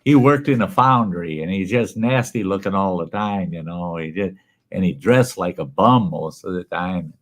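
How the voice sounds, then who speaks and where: A man's voice: low-pitched, moderate pace. A man hosting a casual livestream, telling jokes in a rambling, chuckling way. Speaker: host.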